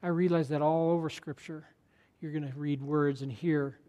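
Male pastor, sermon delivery, slightly high voice, earnest and conversational, hushes for emphasis. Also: fairly even intonation, moderate pace.

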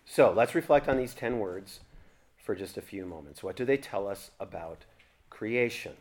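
A man's voice: on the low side, lively intonation, moderate pace, a little mellow. A man teaching a church theology seminar, talking conversationally and asking the class questions.

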